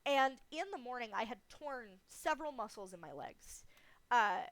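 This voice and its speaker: A woman's voice: a little high, animated, moderate pace, fairly bright tone, dry recording. A woman streamer talking casually and candidly in a livestream Q&A, swearing freely and laughing often.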